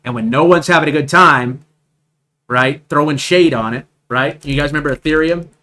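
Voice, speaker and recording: A man's voice: a little high, moderate pace, bright, forceful tone, a little hiss or hum. Emphatic man breaking down trading charts. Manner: emphatic, repeats points, asks "right?" often. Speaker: trading stream host. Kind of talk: live market commentary over charts.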